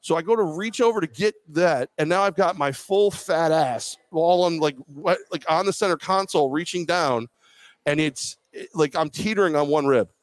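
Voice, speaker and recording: A man's voice: on the high side, normal speed, no echo. A man co-hosting a live podcast, telling a long self-deprecating story in casual chat. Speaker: podcast co-host. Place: bar or venue, live show.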